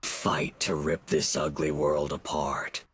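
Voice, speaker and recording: A slow, ominous voice of the deep. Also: female voice, monotone, full character voice. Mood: menacing. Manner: slow, probing, menacing questions. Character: ominous, mysterious female voice of the deep. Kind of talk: video game cutscene dialogue.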